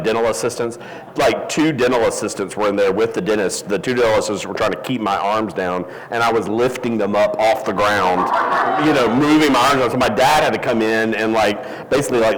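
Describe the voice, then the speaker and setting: A man's voice: on the low side, slight background noise. Rambling man telling a story in a hall. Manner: rambling, self-deprecating, many fillers. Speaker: interview guest. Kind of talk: casual storytelling. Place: event hall.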